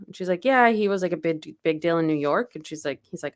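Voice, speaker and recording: A woman co-hosts a podcast with a deep, clean-toned voice, talking briskly with hardly any pauses. In a casual book recap, she retells a novel's plot loosely and chattily, acting out quoted snippets of dialogue.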